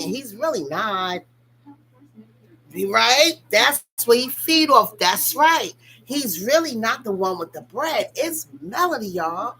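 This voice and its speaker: Bright-voiced woman ranting to her viewers. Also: mid-range voice, slight background noise. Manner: emphatic, profane, talks straight to viewers. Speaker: vlogger reacting to reality TV. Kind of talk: casual reaction commentary.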